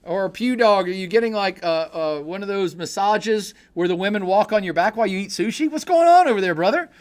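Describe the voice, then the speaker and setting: A middle-aged man hosts a casual livestream podcast, reading chat messages aloud. He talks in a jokey, animated way, getting loud and excited one moment and dropping to low mutters the next. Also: brisk.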